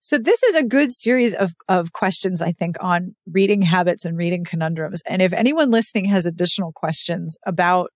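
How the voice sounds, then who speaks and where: A woman's voice: fairly low pitch, fairly quick, few pauses, dry recording, clean studio sound. A woman hosting a podcast, talking casually and emphatically about books and reading. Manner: emphatic, animated storytelling. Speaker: podcast host. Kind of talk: casual chat.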